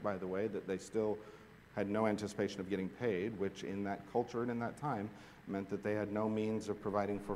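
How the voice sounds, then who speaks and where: A man preaching a sermon, reading scripture aloud and explaining it, swinging from hushed asides to loud, emphatic points. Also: on the low side, slight background noise. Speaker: pastor. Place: large hall with long reverb. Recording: echoey hall recording.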